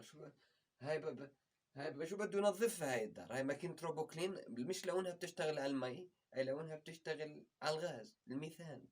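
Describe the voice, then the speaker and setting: A man with a husky voice telling a comic story in an animated, rapid way. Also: fairly high pitch. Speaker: stand-up comedy contestant. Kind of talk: stand-up comedy storytelling. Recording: distant mic.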